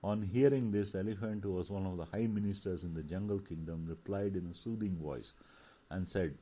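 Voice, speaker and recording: A man teaching a short story, reading lines aloud and then explaining them in his own words, with frequent pauses and restarts. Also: sits low, a little mellow. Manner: reads quotes aloud, then paraphrases with many fillers and restarts.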